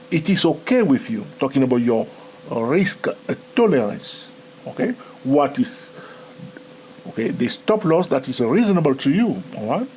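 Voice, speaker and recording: Man, non-native english accent, trading tutorial, lively swooping pitch, faint background hiss. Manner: animated, repetitive "okay?" and "my friend". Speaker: trading educator. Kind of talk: live screen-recorded trading tutorial.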